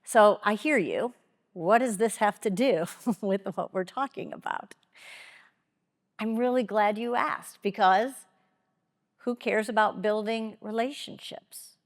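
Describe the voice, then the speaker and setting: A woman giving a motivational keynote talk, telling a personal story with dramatic pauses and acting out what others said. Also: medium pitch. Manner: expressive, dramatic pauses, quotes people aloud. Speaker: keynote speaker. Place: large conference hall. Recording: long hall reverb.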